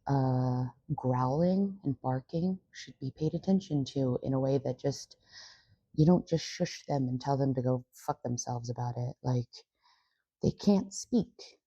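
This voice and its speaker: Husky low-voiced woman vlogging casually. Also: mellow, no echo, lo-fi sound. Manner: chatty and rambling, swears casually. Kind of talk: casual chat.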